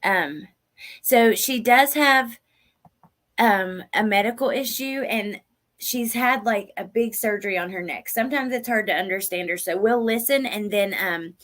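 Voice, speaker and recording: A woman's voice: mid-range voice, a little slow, a bit bright. A woman hosting a casual livestream, chatting with viewers by name and repeating lines from a clip. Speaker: livestream host.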